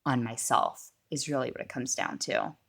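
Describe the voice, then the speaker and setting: A woman with a low voice co-hosts a parenting podcast in casual chat. She tells stories with lots of animation and laughter, jumping into high-pitched voices for her kids. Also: animated, moderate pace, vocal fry, a bit bright, husky. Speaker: podcast co-host.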